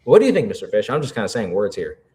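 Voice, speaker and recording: A man with a low voice co-hosts a live stream and brainstorms out loud. He rambles in an animated way and keeps stacking "like" and "you know" as he talks. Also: racing. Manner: rambling, animated, full of "like" fillers. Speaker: co-host. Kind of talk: casual live-stream chat.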